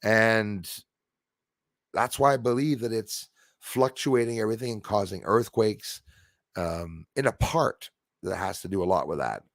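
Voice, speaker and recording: A man hosting a casual livestream, rambling excitably and answering viewers' comments aloud. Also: fairly low pitch, a little slow, no echo, studio quality. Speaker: livestream host.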